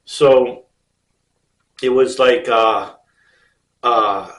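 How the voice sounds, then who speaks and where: A man's voice: mid-range voice, steady tone, very slow, fairly bright tone, far from the mic. Easygoing man, roomy and off mic. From Ohio, United States. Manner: rambling, easygoing, many fillers and restarts. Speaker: storyteller. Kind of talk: casual spoken personal story. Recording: roomy sound, speaker off mic.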